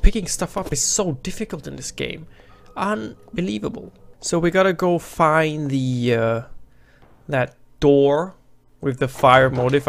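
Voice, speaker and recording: A man giving profane, excitable let's play commentary as a gaming channel host, talking back to the characters. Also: fairly high pitch, vocal fry, slight background noise.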